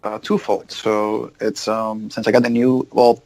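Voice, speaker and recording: A man's voice: on the low side, little pitch movement, unhurried, darkish tone, poor audio. Hesitant but enthusiastic podcast guy. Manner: hesitant, filler-heavy, enthusiastic. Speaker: podcast co-host. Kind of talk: casual chat.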